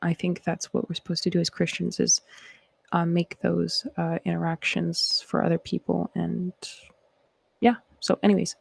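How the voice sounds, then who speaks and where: A woman's voice: on the low side, level tone, normal speed, gravelly, breathy edge, dry recording. A Canadian woman hosting a live stream, chatting casually with viewers in a rambling, reflective way before reading scripture aloud.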